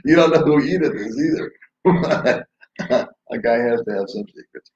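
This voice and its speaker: A man with a medium-pitched, slightly mellow voice talks at normal speed and with animation on a casual late-night home stream in the Philippines. He rambles, jokes, and chuckles through his stories. Echoey room sound and dull lo-fi audio color the clip.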